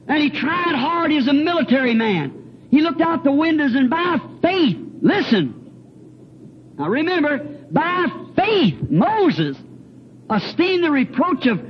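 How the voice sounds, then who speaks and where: A man preaching an earnest, emotional sermon, repeating words and breaking into hymn lines. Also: extremely high pitch. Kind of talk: fervent sermon with personal testimony. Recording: dull lo-fi recording with faint hiss.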